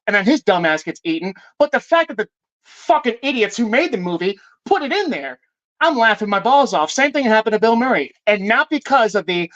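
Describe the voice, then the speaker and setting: A very animated man with a high, fairly bright voice rambles about movies on a live stream at a moderate pace, pausing often. He swears, keeps interrupting and correcting himself, and the recording has its highs cut off.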